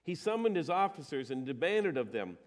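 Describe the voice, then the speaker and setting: A man's voice: on the high side, big pitch swings, brisk. A male pastor giving a sermon. He talks in a conversational way, with emphatic rises and some hesitations.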